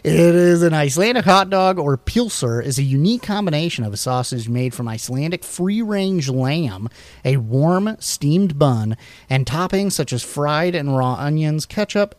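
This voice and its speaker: A man co-hosting a casual chat, reading facts off slides in a relaxed, rambling way with many fillers and restarts. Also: fairly high pitch, normal speed, no echo. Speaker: podcast co-host.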